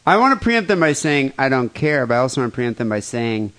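A man's voice: medium pitch, big pitch swings, fast talker, a bit bright. A man co-hosting a podcast in casual chat, crude and joking as he reads listener mail. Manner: crude, joking, laughs often. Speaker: podcast co-host.

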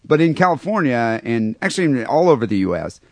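A man's voice: mid-range voice, very animated, quick pace, darkish tone, no echo. A man co-hosting a casual podcast, talking offhandedly and irreverently, often repeating words as he starts a thought. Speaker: podcast co-host.

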